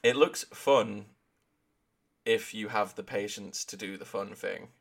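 A man's voice: on the low side, slow, vocal fry. A man co-hosting a casual podcast, dry and teasing as he reacts to jokes. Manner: dry, teasing, laughs along. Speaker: podcast co-host. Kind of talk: casual chat.

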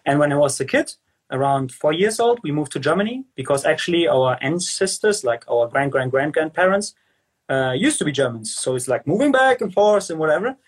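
A young man from Ukraine who grew up speaking Ukrainian and Russian, talking in a casual interview as a guest skater. He talks haltingly, searching for words, and laughs often. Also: a little high, big pitch swings, husky. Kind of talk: casual video-call interview.

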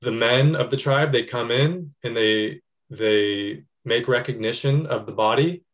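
An earnest man in a relaxed conversation, speaking at an ordinary mid pitch. He talks reflectively and strings his thoughts together in long, flowing lists. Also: a little slow. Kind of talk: casual conversation.

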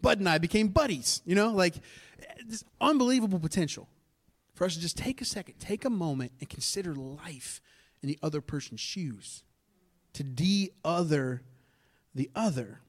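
Man, pastor, fairly high voice, conversational sermon storytelling, animated asides to the congregation. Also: moderate pace.

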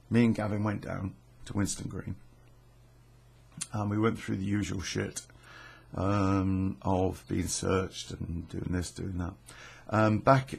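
A man's voice: sits low, vocal fry, slightly rough. A middle-aged man, telling a rambling true story casually, swearing freely and stopping often on fillers and restarts.

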